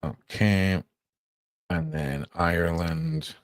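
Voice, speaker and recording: A man's voice: sits low, steady tone, drawn-out words, no room sound. A man chatting casually on a live stream, muttering to himself as he works and tossing off playful asides.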